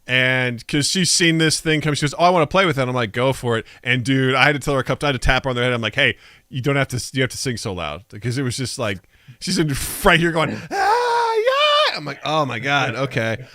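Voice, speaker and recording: A man's voice: mid-range voice, fast talker, no echo, studio quality. A man in his thirties co-hosting a podcast, telling a story in casual chat and acting out the quotes. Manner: animated storytelling, acts out quotes. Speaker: podcast co-host.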